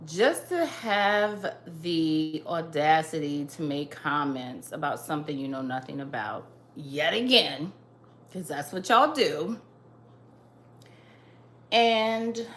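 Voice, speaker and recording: A woman's voice: deep voice, animated, slow pace, reverberant. A woman hosting her own show, giving an emphatic opinion monologue and repeating her points to drive them home. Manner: emphatic, repetitive, lecturing. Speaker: host.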